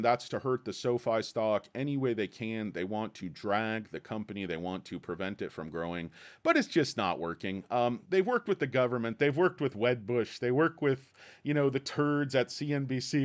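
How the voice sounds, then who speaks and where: Male stream host, casual and rambling, crude irreverent jokes between stock updates. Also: mid-range voice. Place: his office.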